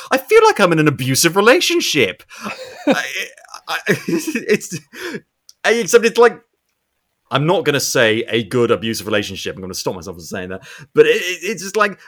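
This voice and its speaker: A young man casually recapping a movie with a co-host, animated and swearing, acting out characters' lines. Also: on the high side, moderate pace. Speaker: podcast co-host.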